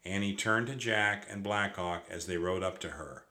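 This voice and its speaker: A man's voice: low voice, normal speed, bright, forceful tone. A man reading a children's storybook aloud expressively, with occasional stumbles over words. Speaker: narrator.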